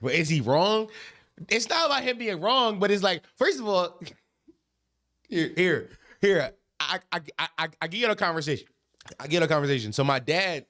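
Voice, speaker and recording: A man hosting a podcast, telling stories in a casual, animated, profane way, often repeating himself. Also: a little high. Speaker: podcast host. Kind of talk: casual storytelling chat.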